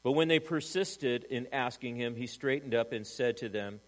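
Male pastor, mid-pitched, dynamic sermon delivery, rhetorical questions, big shifts in volume. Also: moderate pace, low-quality recording. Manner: dynamic, swings from loud emphasis to hushed, rhetorical questions. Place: church service.

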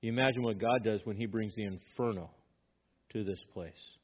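A man's voice: fairly low pitch, moderate pace, husky. Emphatic male pastor preaching. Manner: emphatic, rising in volume when stressing points. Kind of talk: sermon. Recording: dull lo-fi sermon recording.

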